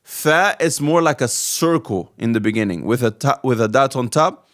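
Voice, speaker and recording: A man's voice: mid-range voice, animated, normal speed. A man teaching the alphabet step by step, patiently repeating each letter sound. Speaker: Arabic teacher. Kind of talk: slow step-by-step lesson.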